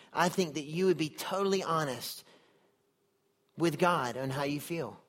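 A man preaching a sermon in an earnest, conversational way, often putting questions to his listeners. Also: fairly high pitch. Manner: earnest, conversational, asks the audience many questions.

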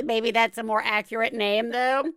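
Podcast host: woman with a clear, smooth voice, unhurried and wry, dry close sound. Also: on the high side, fairly even intonation, dry recording. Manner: wry, joking, then gently reassuring. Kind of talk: casual chat.

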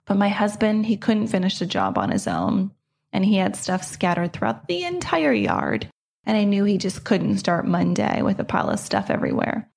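Gravelly-voiced woman podcast host. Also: medium pitch, wildly swooping pitch, moderate pace, darkish tone. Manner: earnest, reflective storytelling. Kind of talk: personal storytelling monologue.

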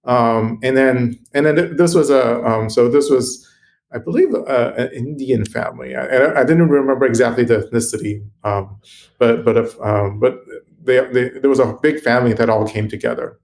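A man being interviewed as a guest, telling a personal story in an earnest, halting way with frequent ums and restarts. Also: mid-range voice, vocal fry, darkish tone. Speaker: guest, computational biologist.

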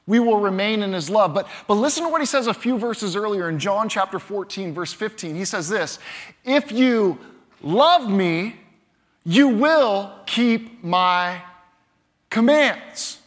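A man with a high voice preaches from the pulpit. His delivery is animated, and he acts out the voices he quotes. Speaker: pastor. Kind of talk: sermon.

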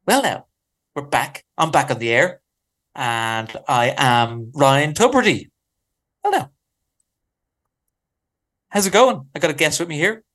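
A man impersonating a chummy male radio host, with slow, sing-song broadcaster patter. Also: on the high side, very animated, fairly bright tone.

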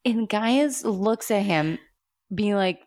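A woman trades quick, joking quips as co-host of a casual recap chat, her voice mid-pitched. The sound is dry and close. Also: a little mellow, dry recording. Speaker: podcast co-host.

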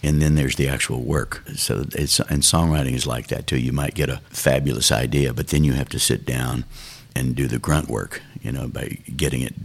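A man's voice: a bass voice, fairly even intonation, normal speed, vocal fry, few pauses, husky. A older man, a songwriter, talking thoughtfully and unhurriedly in an interview. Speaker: songwriter guest. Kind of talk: reflective interview talk.

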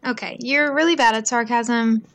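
A woman's voice: fairly high pitch, normal speed, a bit bright. A young woman co-hosting a casual podcast chat, chatty and often saying "um" and "so". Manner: chatty, with fillers like um and so. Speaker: podcast co-host.

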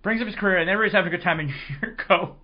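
A man hosting a casual sports podcast, his voice hoarse, telling rambling, excitable stories. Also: high-pitched, racing, muffled recording. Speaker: podcast host.

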